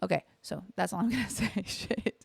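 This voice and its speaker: Rambling young woman, gravelly and dry. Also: medium pitch, quick pace, no room sound. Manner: rambling and candid, fillers and swearing. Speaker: podcast host. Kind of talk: casual chat, storytime.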